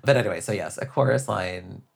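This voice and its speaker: A man's voice: sits low, fairly quick, creaky, noisy background. A man, a drag performer, talking as an interview guest in a chatty, reflective way with self-deprecating asides. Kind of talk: casual conversational interview.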